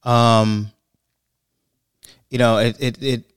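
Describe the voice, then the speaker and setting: A man co-hosting a podcast, telling a family story in a rambling, animated way. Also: mid-range voice, slow pace, smooth, dry recording, clean studio sound. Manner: rambling, restarts and fillers, animated when quoting. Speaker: podcast co-host. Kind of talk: casual chat, storytelling.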